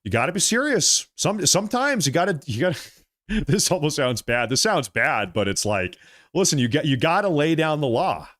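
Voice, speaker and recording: In a slightly high, sing-song voice with a bit of brightness, the political livestreamer reads viewer comments at a moderate pace. He answers them emphatically, repeats phrases, and thanks viewers by name.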